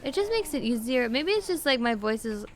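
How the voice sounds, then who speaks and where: A woman streamer chatting casually with her viewers, talking with vocal fry and lots of fillers. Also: high-pitched, big pitch swings, brisk, slight background noise. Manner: chatty, answers chat with fillers and laughs.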